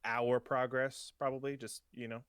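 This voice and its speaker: A man's voice: medium pitch, level tone, normal speed, fairly bright tone, smooth, no echo. A man narrating a tabletop game as game master, rambling with lots of fillers and restarts.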